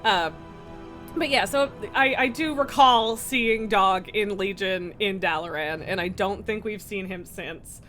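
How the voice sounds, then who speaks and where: Bright, chatty woman streamer. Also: medium pitch, unhurried, faint music behind. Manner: chatty, laughs often, swears freely. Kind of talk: casual live gameplay commentary.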